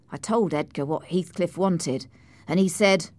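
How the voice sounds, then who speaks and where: A woman narrating an audiobook in a clear, measured storytelling manner, close to the mic. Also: fairly low pitch, a little mellow, dry recording.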